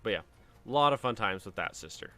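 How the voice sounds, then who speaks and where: A man streaming a game, telling family stories in a casual, lively way and acting out the voices of the people in them. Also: lowish voice, fast talker, faint music behind. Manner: animated anecdote telling with acted-out quotes. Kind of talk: casual storytelling while playing a game.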